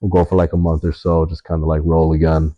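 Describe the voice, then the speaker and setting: A young man telling stories in a relaxed interview, swearing often and leaning on fillers. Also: extremely low pitch, fast talker, highs cut off. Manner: laid-back, swears a lot, many fillers. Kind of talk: casual storytelling in an interview.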